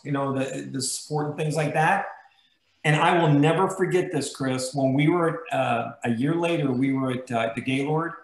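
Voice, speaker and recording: A man with a fairly high voice gives a motivational talk to sales agents. He tells stories with emphatic, emotional energy. The room around him is echoey and roomy. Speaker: guest host.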